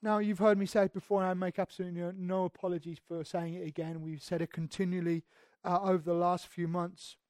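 A male pastor preaching a sermon in a church, earnest, moving between hushed passages and emphatic ones and often restarting his words. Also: sits high, level tone, quick pace, dry recording, clean studio sound. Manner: repeats words when restarting.

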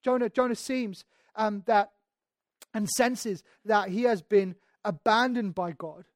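A preacher talks through a scripture passage in a loose, conversational way, circling back on phrases and adding asides. Quoted lines come with sudden jumps in loudness, and the mid-pitched voice sits close to the mic in a dry, dead-sounding space. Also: slow, dry recording. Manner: conversational, emphatic, frequent restarts and asides; acts out quoted speech with sudden shifts in volume. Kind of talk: expository sermon.

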